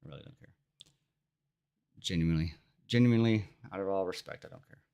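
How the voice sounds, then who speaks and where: A man's voice: low-pitched, steady tone, very fast, gravelly, darkish tone. A man talking casually on a live stream, irritated and venting, repeating himself as he talks at his home streaming setup.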